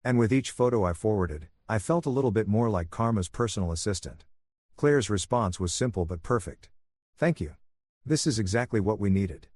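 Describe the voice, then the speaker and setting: A man narrating a first-person story in an even, soothing storytelling manner. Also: fairly low pitch, moderate pace, dry recording, studio quality.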